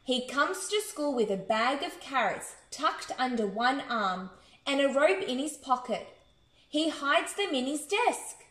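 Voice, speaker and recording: An Australian woman reading a bedtime story to children in an expressive, sing-song way. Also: high voice. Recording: echoey room.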